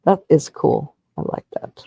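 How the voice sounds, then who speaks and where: A man's voice: measured pace, dark tone, no echo, lo-fi sound. A man co-hosting a casual chat, talking in a chatty way with fillers. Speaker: livestream co-host.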